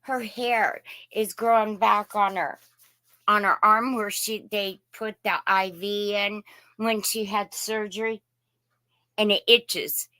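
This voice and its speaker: A woman's voice: medium pitch, fairly even intonation, slow, pushed and bright, no room sound. A woman from Indiana hosting a casual live chat, greeting viewers by name in a folksy way. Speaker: live stream host.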